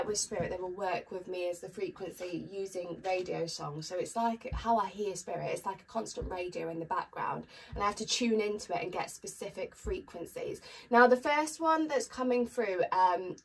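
A woman's voice: mid-range voice, normal speed, hardly any pauses. A woman chatting casually to camera as a tarot reader, upbeat with frequent ums. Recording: distant mic with faint noise.

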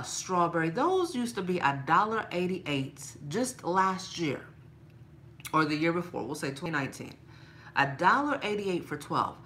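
A woman talking casually and playfully to her viewers in a shopping haul vlog, laughing often and getting animated when she complains. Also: a little hiss or hum. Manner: playful, laughs a lot, talks straight to viewers as "girl"; animated, rises high when mock-angry. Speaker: vlogger showing a shopping haul.

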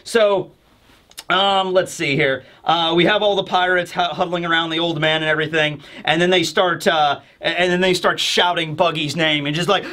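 A man hosts a casual review and retells scenes with animated energy, acting them out as he goes. His voice is fairly high and bright, and his speech is loose and chatty. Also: moderate pace. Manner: animated, storytelling, acts out scenes. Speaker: host. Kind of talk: casual manga chapter review.

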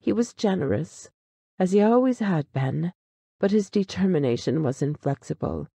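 A narrator reading a classic short story aloud in a measured, dramatic way. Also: medium pitch, animated, vocal fry, dark tone, breathy edge, no echo.

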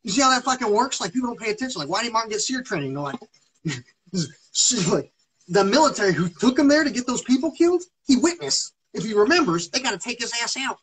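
A man with a husky, slightly rough voice holds forth on his own live stream. He talks in an agitated, rambling way, circling back on himself and swearing constantly. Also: high-pitched, very animated, quick pace, fairly bright tone, rough recording. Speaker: livestreamer.

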